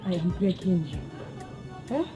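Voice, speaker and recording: A woman's voice: lowish voice, expressive, slow pace, warm tone, faint music behind. An actress with a Nigerian accent playing a grieving young woman who keeps begging for more time to pay a debt. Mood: pleading. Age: young adult. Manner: pleading, imploring. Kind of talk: Nollywood film acting. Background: film score.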